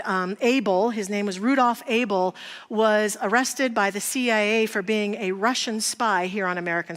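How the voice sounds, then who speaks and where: Woman preaching in a reverberant church. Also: fairly high pitch. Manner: warm conversational storytelling, rhetorical questions. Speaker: minister. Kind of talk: sermon. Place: large church sanctuary. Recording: long hall reverb in a church.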